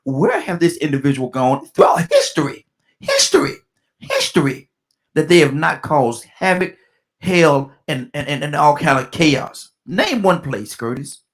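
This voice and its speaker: A middle-aged man hosting a call-in radio talk show, repeating himself and restarting his sentences, slowing right down to read out a phone number. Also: fairly high pitch, huge pitch swings.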